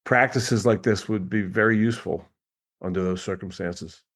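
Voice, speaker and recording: A man's voice: lowish voice, moderate pace. A man speaking as a guest coach in a casual podcast conversation, telling stories with lots of laughter and little impressions of people. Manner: animated storyteller, laughs often, mimics people.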